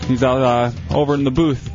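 A man's voice: medium pitch, flat delivery, brisk, music in the background. A man hosting a radio call-in show, probing with hesitant restarts from a studio mic. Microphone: studio microphone. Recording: dull radio broadcast sound.

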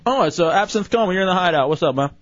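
A man's voice: high voice, lively intonation, racing, dry recording. A man hosting a radio show, joking with his crew and callers, laughing easily and reading out the phone number. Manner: playful, laughs often, reads phone numbers. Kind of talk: casual morning-show banter. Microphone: studio microphone. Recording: dull lo-fi radio studio broadcast.

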